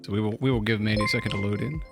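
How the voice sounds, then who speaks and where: A man's voice: fairly low pitch, steady tone, rapid-fire, over music. A man co-hosting a live game stream, chatting casually and technically while joking. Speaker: streamer co-host.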